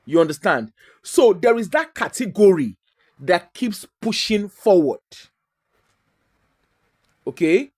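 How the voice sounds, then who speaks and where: A Nigerian man with a fairly high voice tells stories in a relaxed, chatty way. His pitch swings widely as he talks, and he slips Pidgin into his English with frequent laughs. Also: takes it slowly, pauses often, breathy edge. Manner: animated, mixes Pidgin into English, laughs often. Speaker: guest. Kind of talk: casual storytelling.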